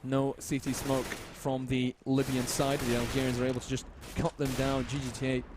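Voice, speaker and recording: A man casting a competitive shooter game match with fast, joking play-by-play commentary. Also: medium pitch, monotone, background noise. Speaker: esports caster.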